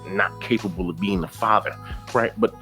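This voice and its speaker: A man's voice: fairly low pitch, moderate pace, sharp tone, soft background music. A man giving reaction commentary in a preachy way, repeating himself and asking rhetorical questions.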